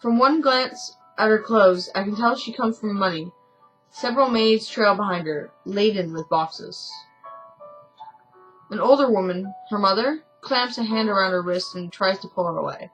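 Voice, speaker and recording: A woman's voice: medium pitch, normal speed, fairly bright tone, soft background music, rough recording. A woman reading a story game aloud in a casual let's-play, often stumbling and correcting herself, with chatty asides.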